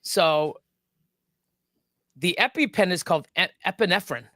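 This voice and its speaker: With a bright, forceful, high-pitched voice at a measured pace and no echo, a live stream co-host recounts a story casually. His telling is rambling and profane, full of stops and restarts.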